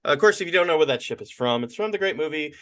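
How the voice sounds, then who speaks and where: A man's voice: on the high side, lively intonation, racing, a bit bright, no echo. A man co-hosting a podcast, chatting casually and joking with many fillers. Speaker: podcast co-host.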